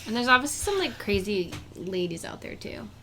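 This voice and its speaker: A woman's voice: medium pitch, expressive, fairly quick, pushed and bright, a little hiss or hum. A young woman co-hosting a podcast, talking casually with lots of "like". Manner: chatty, says "like" often. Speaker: podcast co-host. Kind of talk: casual chat.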